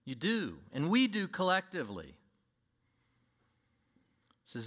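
A man preaching to his congregation in a bright, somewhat high voice. He is emphatic and swings between loud and quiet, pressing his points home. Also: huge pitch swings, unhurried, pauses often. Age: older. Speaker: pastor. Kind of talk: sermon.

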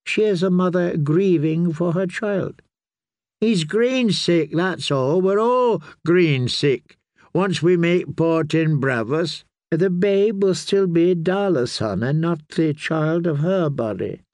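A man voicing a soft-spoken, very old wise healer. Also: a little high, lively intonation, dry recording, clean studio sound, voice pushed up. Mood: gently grave. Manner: soft, measured, gentle. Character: very old, wise male healer, gentle and weary.

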